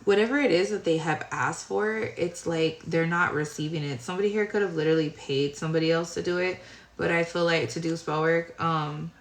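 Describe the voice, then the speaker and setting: Woman reading tarot, low voice, kinda rambly and tired, echoey room. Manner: rambling, searching for words. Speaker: tarot reader. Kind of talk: casual tarot reading to viewers. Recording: roomy echo.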